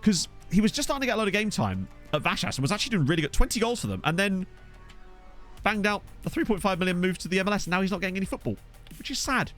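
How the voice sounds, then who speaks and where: A man's voice: sits high, sing-song, very fast, a bit bright, soft background music. A man casually commentating a football management game on stream, chatting with viewers and laughing often. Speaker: gaming streamer. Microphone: USB desk microphone.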